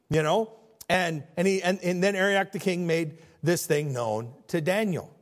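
A man preaching a sermon as pastor, in a lively, conversational way, acting out the people he quotes. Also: sits high, moderate pace. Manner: animated, conversational preaching that acts out quoted figures.

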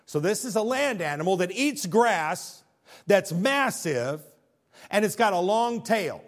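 Male speaker, emphatic faith talk with slides, very animated pitch, rhetorical questions. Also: a little slow.

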